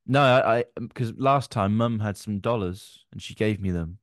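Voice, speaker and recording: A young man, co-hosting a casual podcast and telling stories with loud, sweary re-enacted quotes. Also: on the low side, no room sound, clean studio sound. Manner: animated storytelling, swearing, quick shifts to loud re-enacted quotes. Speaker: podcast co-host. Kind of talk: casual banter.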